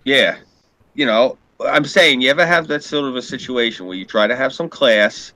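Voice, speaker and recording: A man's voice: medium pitch, normal speed, pushed and bright. A man in casual podcast chat, telling a profane, heated story and acting out what people said.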